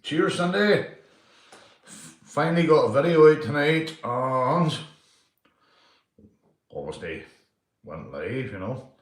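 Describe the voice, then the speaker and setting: A middle-aged man with a Northern Irish accent, telling rambling true stories and giving shout-outs on a live stream. He swears freely, laughs through his tales and keeps tagging lines with "mate". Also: mid-range voice, expressive, slow pace, pauses often. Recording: roomy echo.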